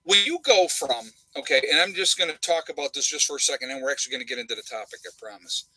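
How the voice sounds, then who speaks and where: Guy hosting a home livestream, sarcastic and blunt, bright sharp voice, dry close sound. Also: mid-range voice, expressive, quick pace, dry recording, poor audio. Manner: blunt, sarcastic, rambling with many fillers. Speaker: channel host. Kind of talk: casual livestream chat. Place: home room with a fan.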